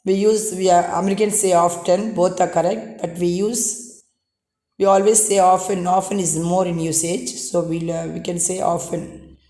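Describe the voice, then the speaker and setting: A woman's voice: fairly low pitch, fairly even intonation, normal speed, warm tone, reverberant. A woman with an Indian English accent teaching a pronunciation lesson, spelling words out letter by letter and explaining patiently.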